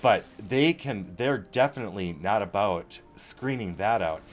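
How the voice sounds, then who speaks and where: Blunt, ranting low-voiced man. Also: expressive, measured pace. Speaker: show host. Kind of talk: casual live-stream chat.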